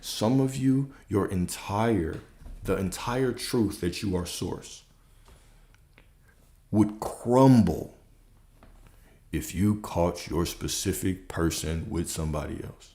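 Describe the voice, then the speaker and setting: A man's voice: deep voice, slow, pauses often, dark tone. A man coaching his viewers in a motivational talk, emphatic and repetitive, asking rhetorical questions and repeating key lines.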